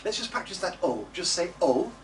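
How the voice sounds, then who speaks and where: A man's voice: high voice, very animated, fairly quick. A man teaching a singing class, coaxing students and demonstrating phrases by singing them. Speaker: music teacher. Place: classroom or studio. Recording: distant mic with background noise.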